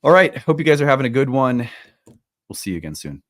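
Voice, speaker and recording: A man hosting an astrology video in a casual talk, animated and self-deprecating, laughing at his own jokes, recorded at home. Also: medium pitch, brisk, no echo, studio quality. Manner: self-deprecating, playful asides. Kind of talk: casual solo talk to camera. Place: home room with open windows.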